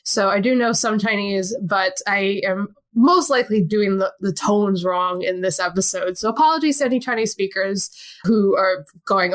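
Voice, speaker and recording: An American woman co-hosting a podcast, talking through the material in an easy, chatty way. She laughs often and fills pauses with ums and uhs. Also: medium pitch. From United States. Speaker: podcast co-host. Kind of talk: casual educational chat.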